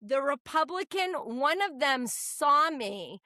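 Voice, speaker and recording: A woman from New Hampshire, a state legislator, telling stories in a blunt, profane, animated way during a casual podcast chat. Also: high voice, takes it slowly, no echo, clean studio sound. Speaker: state representative guest.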